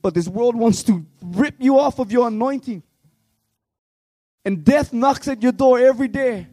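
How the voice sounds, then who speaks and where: A high-voiced worship leader preaches an impassioned youth revival sermon at a moderate pace, with no echo on the recording. He's fervent and pleading, swinging between shouting and hushed tones.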